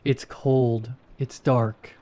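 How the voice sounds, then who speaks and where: Katie, a man voicing a raspy undead girl. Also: medium pitch, fairly even intonation, dark tone. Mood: pleading. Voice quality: raspy, wet. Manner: slow, pleading then hissing. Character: undead hungry teenage girl ghoul.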